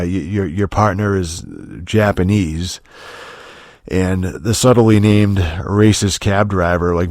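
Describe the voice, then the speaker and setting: A man with a low, deep voice hosts a casual solo podcast rant, rambling from point to point with plenty of swearing and restarts. His tone turns dry and sarcastic at times. The sound is close and dry, with no room around it. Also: no room sound. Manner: rambling, profane, full of restarts and filler words. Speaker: podcast host.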